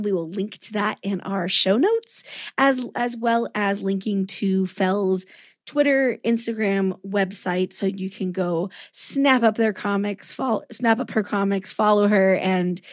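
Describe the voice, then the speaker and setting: A woman co-hosting a podcast in casual chat, gushing and joking, with a slightly husky voice. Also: medium pitch, no echo, clean studio sound. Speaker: podcast co-host.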